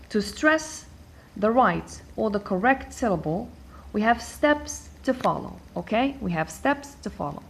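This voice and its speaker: A woman teaching English pronunciation in a calm classroom manner. Her pitch sits in the middle of the range. She repeats each point and stretches out key words so that learners can follow. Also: breathy edge. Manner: patient, repeats key points and checks with "okay?"; stretches out and stresses key words while explaining. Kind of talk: classroom-style explanation.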